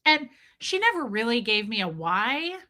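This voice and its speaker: A woman with a fairly high, sharp-toned voice and big pitch swings talks at normal speed on her livestream. Chatting openly and swearing casually, she breaks into her stories to greet viewers by name.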